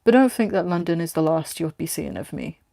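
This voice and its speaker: A woman's voice: low-pitched, expressive, brisk, vocal fry, warm tone, no echo, clean studio sound. A woman voicing a brash, taunting female hired tough from London in a read-aloud story. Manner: taunting, blunt.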